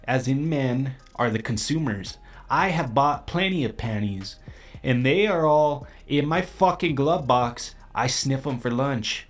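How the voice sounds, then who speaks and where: Brash, foul-mouthed young man hosting a podcast. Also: mid-range voice. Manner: profane, brash, boastful. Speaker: podcast host. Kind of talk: crude comedic monologue.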